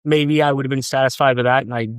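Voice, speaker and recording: A young man from New Hampshire, a podcast guest, telling a personal story in a casual, halting way, repeating words and saying um often. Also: mid-range voice, fairly even intonation, clean tone, no echo, clean studio sound. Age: young adult.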